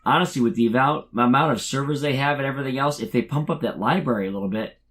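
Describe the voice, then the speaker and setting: A man's voice: mid-range voice, fairly bright tone. A man co-hosting a casual gaming podcast, talking with many restarts. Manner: halting, many restarts and fillers. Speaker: podcast co-host. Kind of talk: casual chat.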